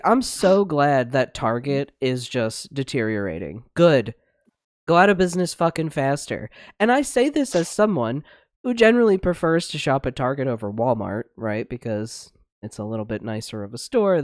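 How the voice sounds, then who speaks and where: This is a podcast co-host on a livestream, launching into an angry, profane rant. The pitch sits mid-range, and the sound is dry and close. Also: very animated, moderate pace, no room sound. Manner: angry, swearing, blunt ranting. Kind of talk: heated casual discussion.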